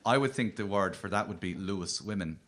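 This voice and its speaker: A man's voice: deep voice, a little fast, very noisy. A man with a Cork Irish accent hosting a radio comedy show, telling wry, playful stand-up stories. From Cork, Ireland. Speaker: comedian host.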